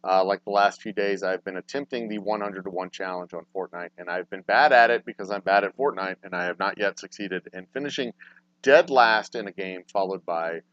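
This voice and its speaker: A man hosting a casual livestream talk show, swearing freely and swinging between low, mumbled asides and loud, exasperated rants. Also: fairly quick, dry recording. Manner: profane, ranting, swings from mumbling to loud outbursts. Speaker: podcast host. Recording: dry, dull lo-fi sound.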